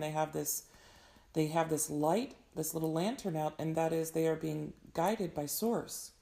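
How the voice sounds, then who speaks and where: A young woman with a hoarse voice giving an earnest, advising tarot reading in casual talk. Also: sits low, dark tone. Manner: earnest, advising, frequent fillers. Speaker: tarot reader.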